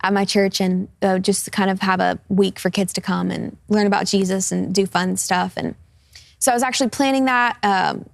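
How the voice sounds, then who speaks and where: A woman in her twenties tells a personal testimony in a talk-show interview. Her mid-pitched voice has a gravelly fry at the ends of phrases. She speaks earnestly and casually, dotted with fillers, and the sound is dry and close. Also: steady tone, normal speed, no room sound. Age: 20s. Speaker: guest.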